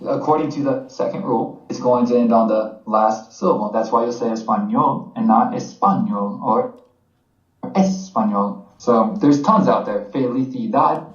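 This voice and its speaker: A man's voice: medium pitch, normal speed, few pauses. American man explaining in a roomy room. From United States. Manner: relaxed, conversational teaching with fillers. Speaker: podcast co-host. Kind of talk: casual explanatory chat. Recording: roomy, slightly dull podcast audio.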